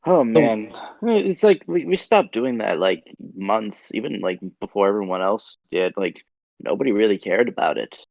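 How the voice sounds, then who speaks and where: Low gravelly man, relaxed and hesitant, muffled lo-fi mic. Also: moderate pace, dry recording. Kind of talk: casual podcast chat. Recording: dull lo-fi mic.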